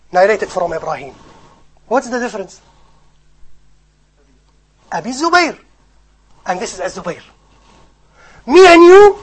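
A man giving a sermon, telling stories in an animated, joking way to his audience. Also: very high-pitched, poor audio. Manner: animated storytelling with jokes. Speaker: Islamic preacher.

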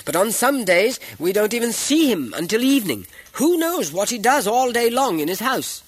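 A man voicing an agitated townsman who interrupts from a crowd, high and husky. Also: sing-song, normal speed, heavily acted. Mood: indignant. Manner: loud, interrupting.

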